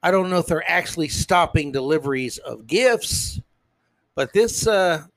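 A man's voice: fairly high pitch, animated, unhurried, a bit bright, no echo. A man hosting a podcast in a sarcastic, emphatic rant that sometimes stumbles over its words. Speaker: podcast host. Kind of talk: ranting political commentary.

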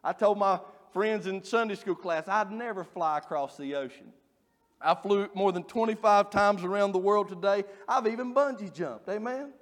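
A man preaching a sermon, folksy and joking as he tells animated stories. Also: high voice. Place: church. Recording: long reverb of a church hall.

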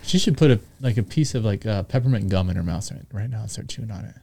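A man's voice: on the low side, fast, vocal fry, dark tone, a little hiss or hum. A man co-hosting a podcast, chatting in an easygoing, rambling way. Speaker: podcast co-host. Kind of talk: casual banter.

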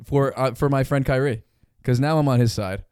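A man's voice: mid-range voice, moderate pace, darkish tone, smooth, no room sound. A young man co-hosting a podcast in casual chat, with dry, teasing banter. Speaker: podcast co-host.

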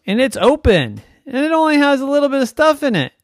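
A man voicing a sleepy young boy who hunts for a place to sleep, talking in an excited, bouncy way. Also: very high voice, brisk, no echo, clean studio sound, voice pushed up, full character voice. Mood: scheming.

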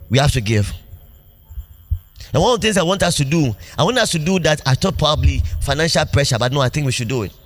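A pastor preaching a sermon in a church, animated, laughing often and asking the congregation questions. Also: male voice, a little high. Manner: call-and-response preaching, asks congregation questions.

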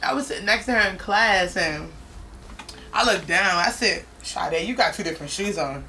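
A woman's voice: on the low side, expressive, normal speed, pushed and bright, slight background noise. A twenty-two-year-old woman from Cameroon, a podcast guest chatting casually and laughing often as she tells stories. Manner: laughing often, storytelling with many "like"s. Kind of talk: casual chat.

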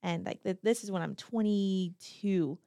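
Relaxed woman, dry close sound. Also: medium pitch, measured pace, dry recording. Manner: relaxed, matter-of-fact, quotes people in dialogue. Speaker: podcast co-host. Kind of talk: casual storytelling chat.

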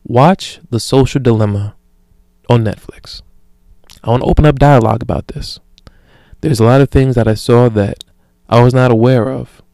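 A man in his thirties hosting a solo podcast, rambling through profane, animated stories full of imagined dialogue and growing loud when worked up. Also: medium pitch, normal speed, creaky, long pauses, no echo, studio quality. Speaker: podcast host.

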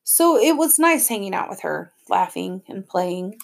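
A woman's voice: medium pitch, very animated, unhurried, gravelly. A woman narrating an audiobook in plain first-person storytelling. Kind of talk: scripted narration.

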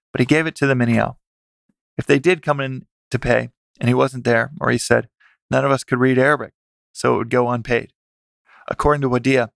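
A man reading a family memoir aloud, in a plain, steady way with occasional self-corrections. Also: mid-range voice, gravelly, dry recording. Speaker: narrator.

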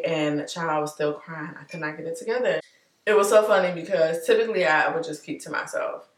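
A woman vlogger talking candidly and warmly to her viewers, chatty and heartfelt, calling them y'all. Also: deep voice, reverberant, recorded from a distance. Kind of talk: candid personal vlog talk.

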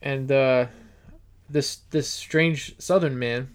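A man's voice: medium pitch, steady tone, takes it slowly, smooth. A man hosting a podcast in casual chat, telling stories in a rambling way with restarts. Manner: rambling storyteller with many restarts. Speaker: podcast host.

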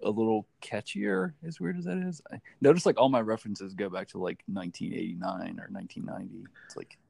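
A man's voice: on the low side, fast talker, vocal fry, no echo. A man from the United States in casual chat, telling stories with lots of swearing and acted-out quotes. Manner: animated storyteller, swearing, acting out quotes.

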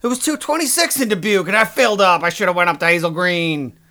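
A man's voice: high-pitched, quick pace, pushed and bright. A man hosting a podcast, ranting in a sarcastic, crude, exasperated comedic monologue. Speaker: podcast host.

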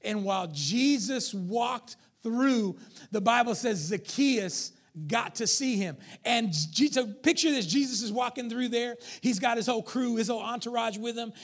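Male pastor, very high voice, emphatic sermon, jokes with the crowd, loud then hushed. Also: moderate pace. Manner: emphatic, joking with the congregation; swings between shouting and near-whisper.

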